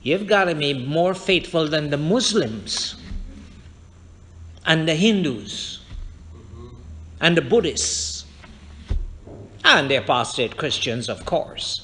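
A man delivers a fervent sermon from the pulpit of a church, speaking straight to his congregation and weaving in scripture. His voice sits high for a man, with a bright, forceful edge. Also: animated, takes it slowly, long pauses, slight background noise. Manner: fervent preaching, quoting scripture and addressing the congregation directly. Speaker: pastor. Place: church sanctuary.

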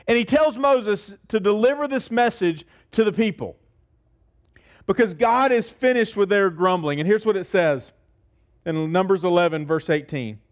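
A middle-aged man preaching a sermon as pastor, animated and acting out the voices in his stories. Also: high-pitched, moderate pace, muffled recording.

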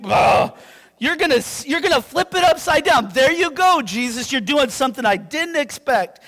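A man from Yakima preaching a sermon as pastor, animated and conversational, checking in with his listeners. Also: very high voice, normal speed. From Yakima, Washington. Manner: animated, conversational, keeps asking "right?". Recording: long reverb in a hall.

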